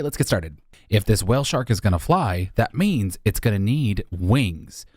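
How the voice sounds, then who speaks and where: A man giving casual, jokey commentary while building in a video game, his voice jumping up high when he exclaims. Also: animated, a little slow, a little mellow, faint music behind. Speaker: Minecraft YouTuber.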